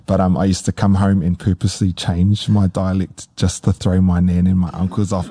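A man's voice: low-pitched, level tone, moderate pace, hardly any pauses, dark tone, slightly rough. A young man from Northland, New Zealand, with a Northland Māori accent, chatting casually and easily, slipping between English and Māori. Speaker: guest. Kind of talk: casual storytelling interview.

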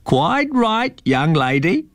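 A man's voice: sits high, big pitch swings, no echo, studio quality, pitched above the performer's own voice, heavily acted. A man voicing a friendly old eagle with a man's face in a storybook reading. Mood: genial. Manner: slow, genial and cheery.

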